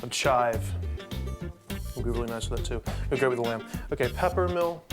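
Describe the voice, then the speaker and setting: A man's voice: medium pitch, fairly quick. A man cooking and explaining in a laid-back, chatty demonstration. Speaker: chef. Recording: music under voice.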